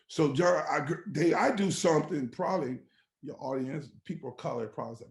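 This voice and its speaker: A man with a slightly high, gravelly voice tells his story as a pastor's testimony. He acts out the people he quotes and drops from loud to almost a whisper. The room around him has a noticeable echo. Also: normal speed. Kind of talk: emotional personal testimony on a podcast.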